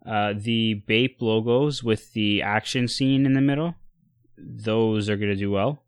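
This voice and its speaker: A man co-hosting a casual chat about sneakers and streetwear, relaxed, with lots of fillers and restarts. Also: fairly low pitch, measured pace, smooth, dry recording. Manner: relaxed, many fillers and restarts, giving buying advice.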